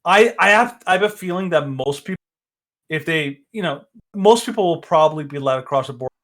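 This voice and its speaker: A man's voice: on the high side, lively intonation, brisk, fairly bright tone. A man co-hosting a casual podcast, rambling with restarts and frequent laughs. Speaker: podcast co-host.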